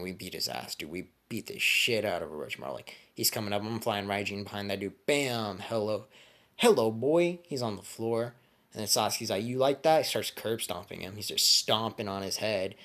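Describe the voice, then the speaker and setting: A man's voice: lowish voice, animated, moderate pace, sharp tone. A young man vlogging, telling a comedic story in crude, rambling slang.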